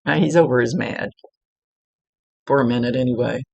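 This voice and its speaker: A woman working as a psychic medium, giving a casual, chatty reading, blunt and quick to laugh, with the odd swear. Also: extremely low pitch, vocal fry, darkish tone, breathy edge, no echo. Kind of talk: casual spoken reading for a client. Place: indoors at a table.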